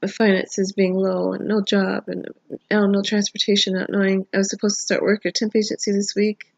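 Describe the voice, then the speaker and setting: A woman's voice: mid-range voice, level tone, fairly quick, vocal fry, no room sound, muffled recording. A middle-aged woman sharing an emotional, prayerful personal testimony in a video diary, tearful and rambling at times. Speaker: vlogger. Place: home. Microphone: phone camera.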